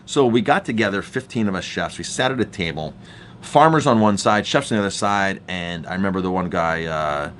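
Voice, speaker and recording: Low-voiced man, earnest chef. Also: lively intonation, brisk, a bit bright, a little hiss or hum. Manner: earnest, emphatic, repeats words as he goes. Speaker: chef and restaurant owner. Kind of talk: storytelling staff training talk.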